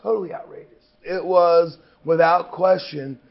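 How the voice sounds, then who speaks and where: A man's voice: a little high, steady tone, unhurried, gravelly. A man in his thirties, a pro wrestler in an interview, telling a story in an emphatic, profane, rambling way. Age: 30s. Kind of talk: anecdotal storytelling. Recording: dull lo-fi recording.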